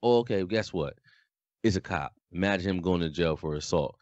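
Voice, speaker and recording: Deep voiced guy cohosting a podcast, deadpan, dry lo-fi sound. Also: brisk, dry recording. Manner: deadpan, flat delivery. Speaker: podcast co-host. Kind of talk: casual chat.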